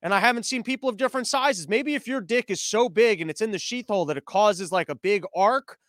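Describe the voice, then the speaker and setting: A man hosting a casual podcast monologue, rambling, profane and animated. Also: sits high, a little fast, no echo. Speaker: podcast host.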